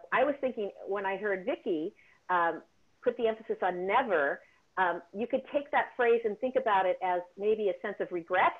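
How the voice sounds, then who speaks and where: A woman vocal coach leads an online singing workshop over a video call, warm and encouraging as she talks. Her voice sits in a middle register and comes through a narrow, tinny, phone-like line. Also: mid-range voice. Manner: warm, encouraging, with frequent ums and restarts.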